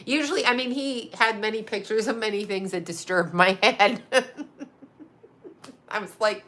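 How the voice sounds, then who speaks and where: Middle-aged woman ranting casually, bright edgy voice, swears a lot, repeats herself. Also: medium pitch, fairly even intonation, moderate pace, long pauses. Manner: profane, emphatic, rambling, repeats herself. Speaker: psychic medium and astrologer. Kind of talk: casual rambling monologue.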